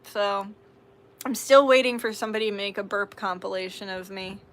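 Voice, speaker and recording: A woman's voice: medium pitch, normal speed, slight background noise. A young woman hosting a live tarot stream, chatting casually, reading out viewer comments, giggling and swearing freely.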